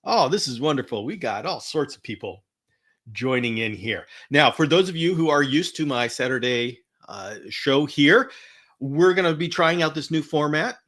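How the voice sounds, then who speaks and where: Male host for a live teaching stream: upbeat, chatty, bright, forceful tone, stumbles and restarts often. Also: fairly high pitch, lively intonation, moderate pace. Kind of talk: live-streamed educational talk.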